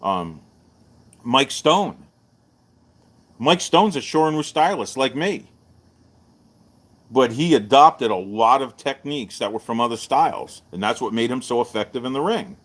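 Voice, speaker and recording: A middle-aged man, hosting a live-streamed martial arts show and telling stories in a loose, animated way. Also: a little slow, long pauses. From Texas. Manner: animated storyteller, jumps up in pitch for quoted voices. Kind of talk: casual storytelling to a live stream.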